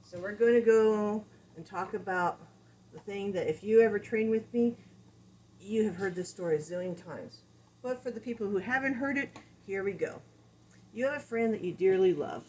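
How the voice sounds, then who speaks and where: A woman's voice: mid-range voice, moderate pace, a little mellow, slight background noise, poor audio. A woman dog trainer giving a casual, conversational lesson, explaining with everyday examples. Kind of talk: instructional talk.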